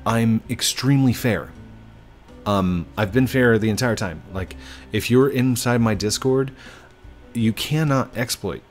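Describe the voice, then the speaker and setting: A man's voice: medium pitch, a little slow, faint music behind. A man doing casual gameplay commentary, apologetic yet firm as he lectures players about rule breaking. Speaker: gaming YouTuber.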